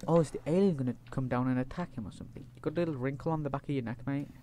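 A man's voice: medium pitch, rapid-fire, a little hiss or hum. Chatty man playing a game. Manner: chatty and playful, breaking into loud excited outbursts. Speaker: gaming YouTuber. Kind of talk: let's play commentary.

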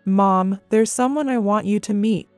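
An introverted middle-aged son, timid and soft-spoken, as a woman narrator voices him in an audio story. His voice stays at an ordinary middle pitch. The recording is dry and close. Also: unhurried, clear, resonant tone, no echo, soft background music, natural voice. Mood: eager.

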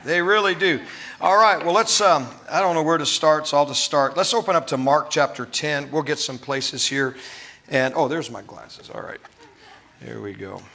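Male pastor preaching with emphatic, drawn-out stresses; bright, somewhat high voice. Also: vocal fry. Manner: emphatic preaching, stretching key words. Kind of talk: sermon.

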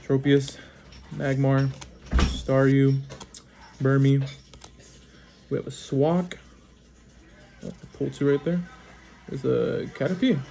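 A man talking casually at home while he opens card packs. He rattles off card names in quick succession and breaks in with short, excited reactions. His voice sits at an ordinary middle pitch for a man. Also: creaky. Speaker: card-opening channel host. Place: at home at a small table.

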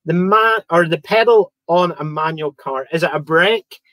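A slightly high, bright, forceful voice at a moderate pace belongs to this quiz host, with no echo in the recording. He keeps a live online quiz chatty, reading viewer comments and joking between questions.

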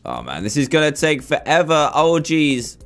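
Narrating his gameplay over soft background music, a young man from England chats nervously while working through a build. He's a gaming YouTuber whose voice sits on the high side, a bit bright, swinging hugely in pitch at a moderate pace.

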